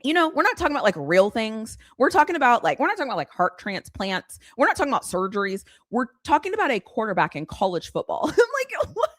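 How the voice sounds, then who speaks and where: Woman host, blunt sarcastic live-stream ranter, lively pitch. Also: fast talker, hardly any pauses, no echo, studio quality. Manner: animated, exasperated, blunt, sarcastic. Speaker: sports commentary host. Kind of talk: casual live-stream rant.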